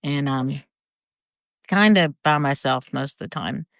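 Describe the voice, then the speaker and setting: Older woman, low voice, smooth and dry, rambly live chat from her porch. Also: unhurried, dry recording. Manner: rambling, greets viewers by name. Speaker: livestreamer. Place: outdoors on her front porch. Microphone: phone or camera for a live video.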